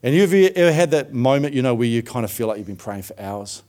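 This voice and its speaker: Middle-aged guy preaching, telling his story easy and chatty, lots of "you know" and "um", average pitch. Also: lively intonation, quick pace. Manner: storytelling, warm and conversational with frequent fillers. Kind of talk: sermon.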